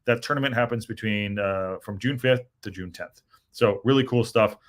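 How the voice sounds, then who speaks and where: Rambling, joking podcast host. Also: male voice, fairly low pitch, moderate pace, a little hiss or hum. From United States. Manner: rambling, joking, many fillers and restarts. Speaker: podcast host reading live chat. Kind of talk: casual live-stream chat.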